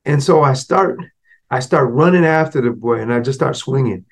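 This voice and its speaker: A man hosts a motivational podcast and tells a personal childhood story at an ordinary pitch for a man. His delivery is loose and conversational, full of small asides to the listener. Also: animated, normal speed, breathy edge. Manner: casual and conversational, with many asides like "right?" and "you know". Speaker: podcast host.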